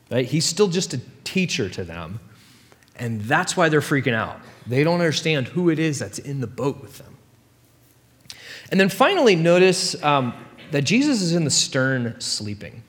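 A man preaching a sermon as pastor, telling stories in a casual, animated way with playful asides. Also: fairly high pitch. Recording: long hall reverb.

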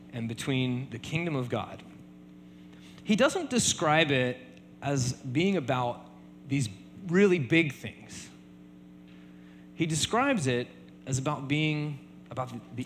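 A man preaching a sermon in a relaxed conversational way, often checking in with "right?". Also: a little high, long reverb tail, a little hiss or hum. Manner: conversational, many fillers and repeated tag questions. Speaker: pastor.

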